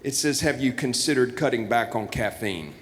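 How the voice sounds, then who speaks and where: A man's voice: mid-range voice, normal speed, a little hiss or hum. A man hosting a church Christmas show on stage, playing flustered as he reads cards aloud. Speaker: church event emcee. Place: large church auditorium. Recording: long hall reverb.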